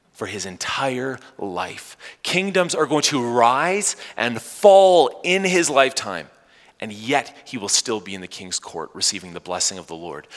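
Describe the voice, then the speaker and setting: A man preaching a Sunday sermon as pastor, animated, with playful asides to his congregation. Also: mid-range voice, in a large hall.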